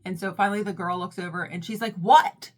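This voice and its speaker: A young woman telling a storytime in casual chat, dramatic and self-mocking, jumping between loud outbursts and hushed, whispery asides. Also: fairly low pitch, steady tone, quick pace. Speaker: storytime vlogger.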